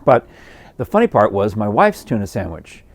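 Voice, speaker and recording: A male podcast host spinning a casual story from his porch. His pitch swings widely as he meanders, amused, through restarts and fillers. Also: wildly swooping pitch, moderate pace, dry recording. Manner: rambling, amused, many fillers. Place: home porch.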